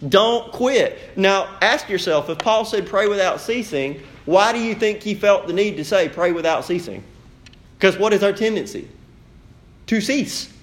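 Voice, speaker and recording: A man preaching a sermon as pastor, with animated rhetorical questions. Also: high-pitched, unhurried.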